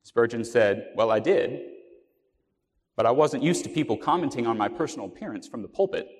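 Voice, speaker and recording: A man preaching in an earnest, storytelling way, pausing on fillers and starting phrases over. His voice sits at an ordinary middle pitch. A long reverb trails behind his words, as if he were in a church sanctuary. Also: lively intonation. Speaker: pastor. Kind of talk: sermon.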